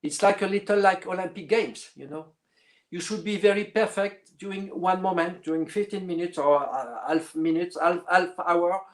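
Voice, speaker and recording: A middle-aged man, a clarinetist guest speaking in a casual interview and often pausing to search for words. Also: high-pitched. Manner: halting, searching for words with many fillers.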